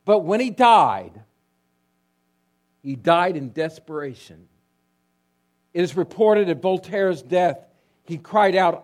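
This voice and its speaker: A male pastor preaching a sermon, telling stories with drama, dropping to a hush and then rising loud. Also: high-pitched, expressive, slow pace, pauses often. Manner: dramatic storytelling, swinging between hushed and loud.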